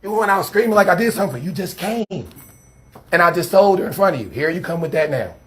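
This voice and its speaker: A man's voice: high-pitched, animated, fast, a bit bright. A man, a street preacher, arguing on a phone camera in an agitated, rambling, defensive way and pleading with older women. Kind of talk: heated confrontation filmed on camera.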